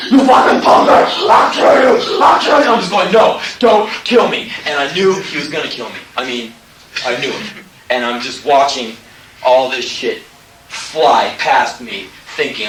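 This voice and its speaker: A young man performing live spoken word, telling stories in an intense, profane, animated way with sudden loud bursts. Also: mid-range voice. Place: live venue with audience. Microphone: distant audience recorder. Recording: echoey hall, distant audience cassette with hiss. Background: audience laughter and tape noise.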